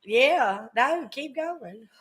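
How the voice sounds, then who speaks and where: Podcast host, woman, thirties, slightly high and bright, teasing, drawling chat. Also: lively intonation, very slow. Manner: chatty and teasing, drawling with frequent fillers. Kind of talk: casual chat.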